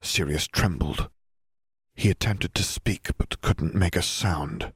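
A man reading a fantasy story aloud in a steady, measured narration. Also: sits low, slightly rough, no room sound, studio quality. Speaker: audiobook reader. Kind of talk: narrated fan fiction reading.

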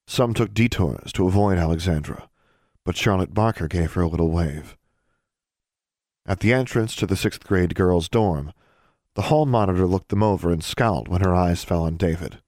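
Brief: low-pitched male narrator, even delivery, dry booth sound. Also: moderate pace, no room sound. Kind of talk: audiobook narration.

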